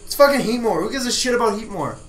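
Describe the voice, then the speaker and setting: A man's voice: high-pitched, animated, fast talker, very noisy. A man chatting and cheering jokingly while playing a game with friends. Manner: jokey, cheering, mock-dramatic. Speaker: gaming channel host. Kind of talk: casual co-op gameplay commentary. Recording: echoey room, game music behind.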